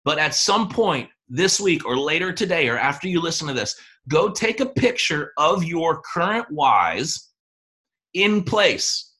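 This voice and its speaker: A man hosting an online business training, coaching listeners with energetic rhetorical questions before handing over to a guest. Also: fairly high pitch, unhurried. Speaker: host and team leader. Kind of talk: motivational training talk.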